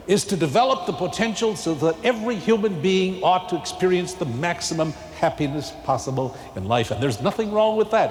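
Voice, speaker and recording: A male pastor giving a televised sermon in a large church, folksy and animated with emphatic peaks. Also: high-pitched. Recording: long cathedral echo, faint ambience.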